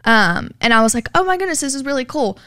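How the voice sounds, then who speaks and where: A woman's voice: sits high, sing-song, quick pace, sharp tone, clear, resonant tone, no echo, studio quality. A woman telling her personal story in an interview, earnest and filled with "like", acting out what people said. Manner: earnest, heavy use of "like", acts out quoted dialogue. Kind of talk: personal testimony.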